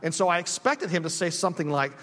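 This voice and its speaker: A man's voice: on the high side, animated, quick pace, fairly bright tone, long reverb tail. A male pastor preaching a conversational sermon, with frequent restarts and friendly asides. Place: church sanctuary.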